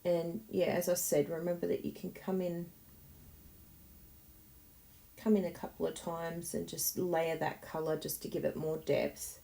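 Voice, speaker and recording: A woman's voice: lowish voice, level tone, moderate pace, vocal fry, mellow. A woman hosting a card-making tutorial, chatting encouragingly and thinking aloud as she works. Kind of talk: casual tutorial talk while crafting.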